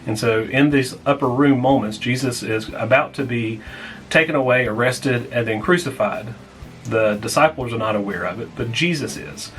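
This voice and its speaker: A man serving as pastor, leading a small group Bible lesson in a plainspoken way and repeating key points slowly so people can take notes. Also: medium pitch, fairly bright tone, slight background noise, low-quality recording. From United States.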